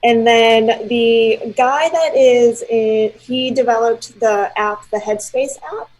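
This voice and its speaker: A woman's voice: a little high, steady tone, takes it slowly, darkish tone, low-quality recording. A woman librarian joining a chat show over a video call, recommending books in a friendly, informative way. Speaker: librarian guest.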